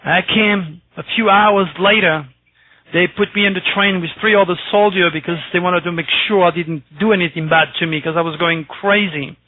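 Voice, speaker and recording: A man's voice: high voice, fairly even intonation, moderate pace, no room sound. A man from France, an astrologer guest telling a personal story on a radio interview, emphatic and repeating his words. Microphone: telephone. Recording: tinny phone line, dry.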